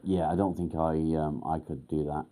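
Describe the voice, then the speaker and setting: A middle-aged man hosting a casual live stream, rambling with many pauses and casual swearing. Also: rumbling low, flat delivery, mellow. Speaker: livestream host.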